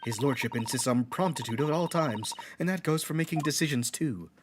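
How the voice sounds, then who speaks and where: A man's voice: medium pitch, background noise, pitched below the performer's own voice, natural voice. A man doing a stern, formal old judge. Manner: formal, measured courtroom speech. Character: stern elderly male judge presiding over court.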